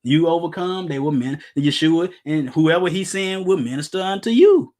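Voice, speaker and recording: A middle-aged male preacher with a notably high voice, teaching scripture in a loose, conversational sermon. He is emphatic, pushes his listeners with rhetorical questions, and drops jokes along the way. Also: expressive, normal speed, a little mellow. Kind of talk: informal Bible-teaching sermon.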